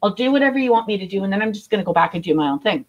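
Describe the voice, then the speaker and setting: A middle-aged woman, a guest author in recovery, telling her story candidly, blunt and animated, swearing freely. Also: medium pitch, very fast, dull audio.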